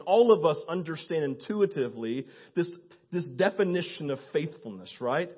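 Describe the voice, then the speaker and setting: A man with a high, slightly husky voice preaches to his church. He tells stories with animation and acts out each character's lines. The recording sounds dull and lo-fi. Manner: lively storyteller, acts out quoted voices, laughs often. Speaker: pastor. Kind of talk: sermon with animated storytelling.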